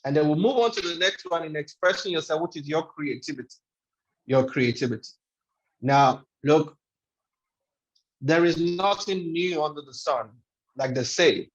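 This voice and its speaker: A man with a fairly high voice delivers a motivational training talk, stressing and repeating his main points. The recording is echoey and a little dull, as if made in a bare room. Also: animated, normal speed, pauses often. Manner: emphatic, repeats key phrases. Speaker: webinar trainer. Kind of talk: motivational lecture.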